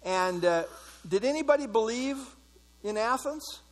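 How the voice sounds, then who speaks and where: A man's voice: very high voice, animated, measured pace. A man leading an evening Bible study, talking conversationally, full of fillers and putting questions to the audience. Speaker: pastor.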